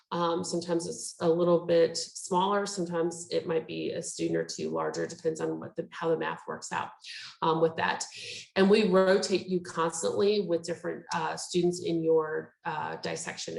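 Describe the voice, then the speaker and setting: A woman's voice: lowish voice, creaky, darkish tone, echoey room, poor audio. A woman presenting a medical school program in a chatty, explanatory way with plenty of fillers, speaking on a video call. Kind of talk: virtual info session talk.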